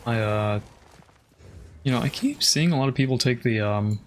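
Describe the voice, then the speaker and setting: A man's voice: medium pitch, normal speed, slight background noise. A man casually commenting on his game as he plays, thinking aloud, swearing often and trailing off with fillers. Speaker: streamer.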